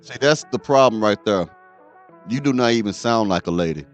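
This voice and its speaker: A man's voice: fairly low pitch, animated, normal speed, highs cut off, soft background music. A man hosting a show, lecturing his audience as he reacts to a clip and repeats "okay?" to drive points home. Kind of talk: reaction commentary.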